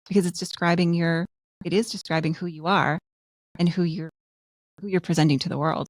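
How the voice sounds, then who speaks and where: A woman dentist with a slightly low voice talks earnestly in casual podcast chat, telling everyday examples. The sound is dry and close. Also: fairly quick, no room sound. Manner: earnest, storytelling with quoted examples.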